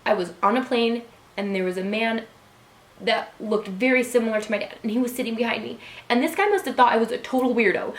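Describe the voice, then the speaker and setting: A woman in her thirties talking earnestly in a personal vlog, soft-spoken, with frequent ums and likes. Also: a little high, roomy sound. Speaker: beauty vlogger.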